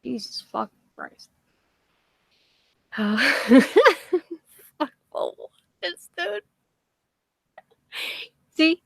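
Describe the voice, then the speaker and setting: A woman's voice: sits high, expressive, very slow, gravelly, pauses often, fairly bright tone, dry recording. A woman with a Boston accent hosting a casual livestream, swearing constantly and rambling with self-deprecating jokes. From Massachusetts. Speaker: livestream host.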